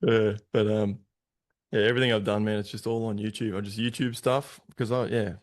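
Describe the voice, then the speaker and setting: A man's voice: lowish voice, little pitch movement, fairly quick. A man with an Australian accent hosting a casual podcast, laid-back and full of fillers, swearing freely. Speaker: podcast host.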